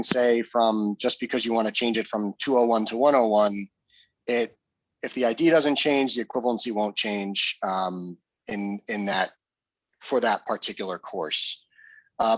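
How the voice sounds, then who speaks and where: A man's voice: mid-range voice, no room sound, poor audio. A man giving a casual, explanatory screen-share demo of a web tool and answering questions, with fillers and restarts. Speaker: presenter.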